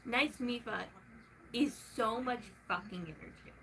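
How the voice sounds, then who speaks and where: A young woman venting in a casual vlog, swearing freely and swinging from soft talk to loud shouting. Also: fairly high pitch, a little slow, slight background noise, rough recording.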